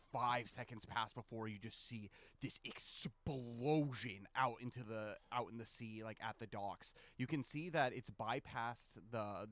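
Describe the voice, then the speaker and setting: A man narrating a tabletop game as game master, in loose, filler-heavy description with bursts of shouted sound effects. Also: lowish voice, no room sound.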